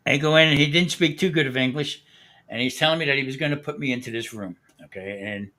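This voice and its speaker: A man's voice: medium pitch, moderate pace, long pauses, bright, forceful tone. A man hosting a live stream who tells a long, profane anecdote with frequent laughter. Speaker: host. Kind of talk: casual storytelling on a live stream.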